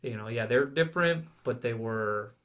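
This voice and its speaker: A man's voice: mid-range voice, moderate pace, fairly bright tone. A man co-hosting a podcast, chatting in an easygoing, joking way with loose phrasing. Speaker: podcast co-host. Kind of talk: casual chat.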